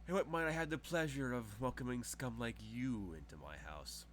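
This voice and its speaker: A man voicing a scornful, rich divorced woman who speaks in a shrill, snippy, mocking way. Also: normal speed, fairly bright tone, a little hiss or hum, close to an everyday voice.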